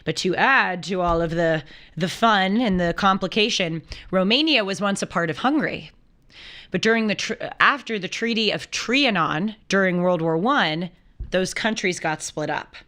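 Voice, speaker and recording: A woman hosting a talk show, telling a travel story in a lively, chatty way and acting out the people in it. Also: on the low side, moderate pace. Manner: animated storyteller who acts out quoted voices. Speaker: show host. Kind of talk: casual chat.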